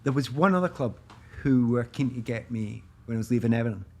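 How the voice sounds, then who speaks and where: Husky Glaswegian man telling stories. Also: mid-range voice, fairly quick. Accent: Glaswegian Scottish. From Scotland, east end of Glasgow. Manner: animated anecdotes, acts out quoted voices, laughs often. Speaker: guest, former footballer. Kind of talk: casual storytelling chat.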